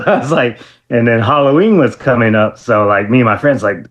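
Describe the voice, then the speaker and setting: A man guest in an interview, telling stories in a casual, lively way, laughing often and full of fillers and restarts. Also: normal speed. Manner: animated, acts out quotes in a high excited voice. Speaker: interview guest, former wrestler.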